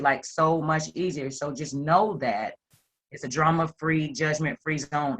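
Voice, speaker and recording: Woman, low voice, easygoing group member speaking straight to the room. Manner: relaxed and colloquial, addresses the group directly. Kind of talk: casual sharing in a group session.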